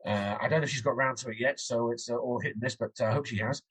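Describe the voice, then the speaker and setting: A husky English man talking fast in a relaxed interview, rambling from one point to the next. His voice has a slightly rough, breathy edge, and he often restarts his sentences with chatty fillers. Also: mid-range voice, rough recording. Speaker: author and guest. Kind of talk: casual interview chat.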